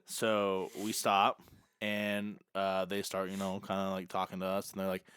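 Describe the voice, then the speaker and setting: A young man co-hosting a podcast, telling an animated story and acting out the dialogue in casual chat. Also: deep voice, measured pace. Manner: animated, acts out quoted dialogue. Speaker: podcast co-host.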